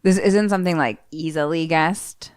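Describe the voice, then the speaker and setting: A woman's voice: low-pitched, normal speed, clean tone, dry recording, clean studio sound. A woman co-hosting a podcast, animatedly retelling a film scene by scene, acting out the characters and swearing freely. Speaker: podcast co-host. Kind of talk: casual chat, retelling a film.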